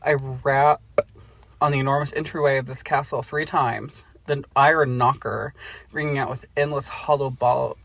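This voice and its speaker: Husky, gravelly man reading aloud for laughs, joking asides between passages. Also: mid-range voice, steady tone, moderate pace, a bit bright, dry recording. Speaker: podcast co-host. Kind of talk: comedic reading of a book aloud.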